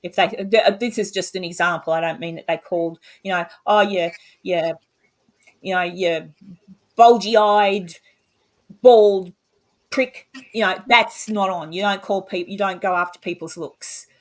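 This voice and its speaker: A woman's voice: on the low side, fairly even intonation, normal speed, fairly bright tone. A woman chatting casually as a guest, blunt and talkative, swearing freely. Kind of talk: casual chat.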